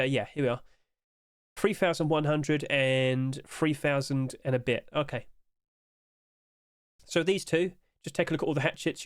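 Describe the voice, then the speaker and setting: Young male commentator, a little high-pitched, tired, chatty, full of rhetorical asides. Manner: chatty, rhetorical questions, talks to items on screen. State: tired, yawning. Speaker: game skin market commentator. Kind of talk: casual screen-share commentary.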